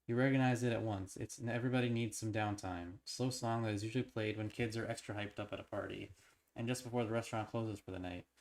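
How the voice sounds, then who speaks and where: A man streaming as he reads an interactive horror novel aloud, now and then tripping over words and breaking off to theorize eagerly. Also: lowish voice. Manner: stumbles and restarts while reading, then breaks into excited theorizing. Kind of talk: reading a novel aloud on a livestream.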